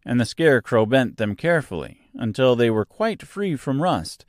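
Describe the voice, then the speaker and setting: A man narrating a children's storybook aloud as a podcast host, in a slow, expressive storytelling manner. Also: medium pitch, no room sound, clean studio sound.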